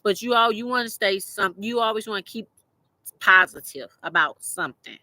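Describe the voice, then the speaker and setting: A woman's voice: mid-range voice, moderate pace, pushed and bright, no echo, low-quality recording. Blunt, profane, teary woman host. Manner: blunt, profane, rambling with many restarts. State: teary-eyed. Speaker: podcast host. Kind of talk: casual motivational monologue.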